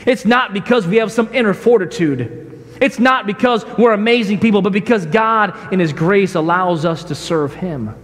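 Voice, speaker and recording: A man preaching a sermon as pastor, emphatic, swinging from shouts to hushed, quiet lines. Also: sits high, normal speed, in a large hall. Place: church sanctuary.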